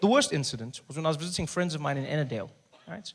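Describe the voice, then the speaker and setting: A man performing stand-up comedy, swinging between a hushed, soft voice and loud, lively bursts. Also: a little high, racing, a little hiss or hum. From South Africa. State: recovering from voice loss.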